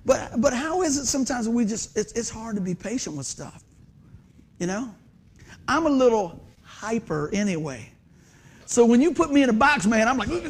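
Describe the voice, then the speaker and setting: A man in his fifties preaches from a lit church stage in a high, lively voice that leaps up and down. He keeps quizzing the congregation and pokes fun at himself between points. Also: moderate pace, pauses often, husky. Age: 50s. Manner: animated, quizzes the congregation, self-deprecating humor. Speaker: pastor. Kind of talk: conversational sermon. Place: church sanctuary under stage lights.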